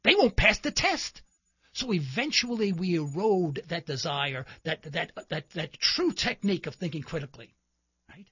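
Man, talk show host, impassioned rhetorical monologue, sharp tense tone, dry close sound. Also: on the high side, lively intonation, moderate pace, husky, dry recording, highs cut off. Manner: impassioned, rhetorical, builds to indignant emphasis. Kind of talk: political commentary monologue.

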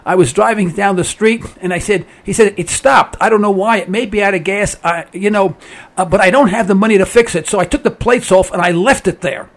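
A man with a notably high-pitched voice hosts a call-in radio show. He is middle-aged and tells his stories in a folksy, emphatic manner, acting out what others said. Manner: storytelling, folksy and emphatic, acts out quotes. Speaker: radio talk show host. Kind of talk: call-in talk radio monologue.

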